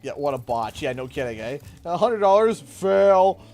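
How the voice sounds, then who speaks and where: A Canadian man live-streaming a game, excitable and thanking viewers over and over. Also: medium pitch, fairly quick, soft background music. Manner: excitable, thanks donors warmly and often. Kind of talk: live gameplay stream chat.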